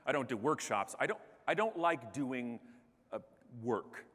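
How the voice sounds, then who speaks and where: A man giving a comedic keynote speech on a large conference stage, animated and self-deprecating. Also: medium pitch, a little slow, background noise. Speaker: keynote speaker. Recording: echoey hall.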